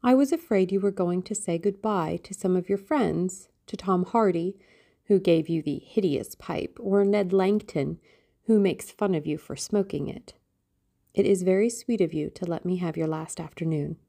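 A woman's voice: lowish voice, normal speed, vocal fry, mellow. A woman reading an audiobook voices a young girl in love, eager and pleading. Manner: breathless, pleading.

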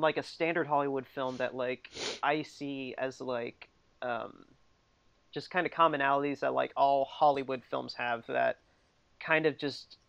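A man's voice: medium pitch, gravelly, fairly bright tone, clear, resonant tone, no echo. A man in his thirties co-hosting a podcast in casual chat, rambling with lots of fillers and laughing often. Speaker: podcast co-host. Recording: dull lo-fi dry recording.

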